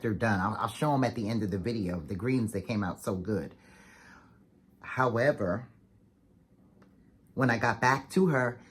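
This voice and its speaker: A woman vlogger telling a story to the camera in a chatty, fast, animated way, full of "like"s and acted-out quotes. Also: rumbling low, slightly rough. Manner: chatty, fast-talking, animated retelling with many "like"s.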